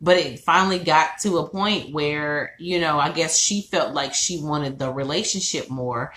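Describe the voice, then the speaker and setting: Woman, young adult, podcast co-host, casual profane storytelling, bright forceful voice, echoey room. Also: low voice, measured pace, slight background noise. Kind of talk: casual chat.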